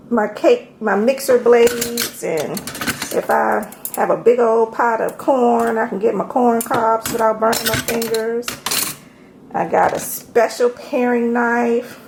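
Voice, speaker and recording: A woman's voice: a little high, vocal fry, noisy background. A woman from Maryland giving a chatty home tour of her kitchen, talking straight to her viewers as y'all. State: out of breath. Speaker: home organization vlogger. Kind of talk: casual home tour vlog.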